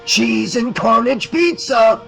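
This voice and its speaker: A man voicing a burned male dream killer who hisses and taunts in a drawn-out, sneering way. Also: very high-pitched, lively intonation, vocal fry, bright, forceful tone, faint music behind, voice pushed up, exaggerated voice. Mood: gleeful taunting.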